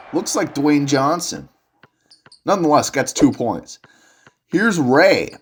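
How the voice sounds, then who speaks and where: A young man doing solo play-by-play commentary on a video game basketball match, excitable and jokey, rising to shouts on big plays. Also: mid-range voice, unhurried, a little hiss or hum.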